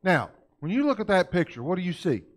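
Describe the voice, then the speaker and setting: A man's voice: high voice, very animated, fast. A man giving a conversational church lecture in a folksy way, constantly checking in with his listeners with questions. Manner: folksy, keeps asking the audience questions.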